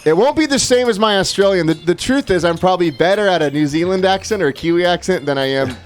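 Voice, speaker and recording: A man co-hosts a casual livestream with an auction from an indoor studio, chatting and reading viewer comments aloud. His high voice is expressive and fast, with soft music playing in the background.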